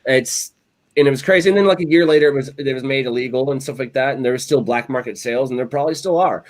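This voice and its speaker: A man's voice: medium pitch, quick pace. Male co-host, loose rambling storyteller, casual podcast banter. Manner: rambling storyteller, animated, lots of "like" and "you know". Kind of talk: casual chat.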